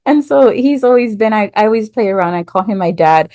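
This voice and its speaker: A woman tells her own story as a podcast guest, animated, with lots of "like" and "um" fillers. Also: medium pitch, brisk, no room sound. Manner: animated storyteller, acts out quoted voices, many "like" and "um" fillers. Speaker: podcast guest, nurse and business owner. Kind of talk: casual storytelling interview.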